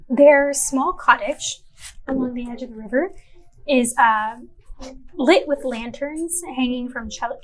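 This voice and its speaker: A woman narrating a tabletop role-playing game as game master, unhurried and descriptive with fillers. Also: fairly high pitch, low-quality recording.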